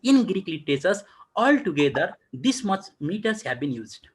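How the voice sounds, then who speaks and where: Over a video call, a man delivers an online college lecture, repeatedly posing rhetorical questions and answering them himself in halting, repetitive phrasing full of fillers. His voice is high and sing-song, with slight background noise.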